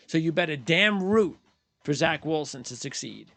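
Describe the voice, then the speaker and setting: A man's voice: on the high side, lively intonation, normal speed, creaky, a bit bright, dry recording. A man hosting post-game sports commentary, ranting bluntly and heatedly, repeating his points and mocking fans in quoted voices. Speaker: sports channel host.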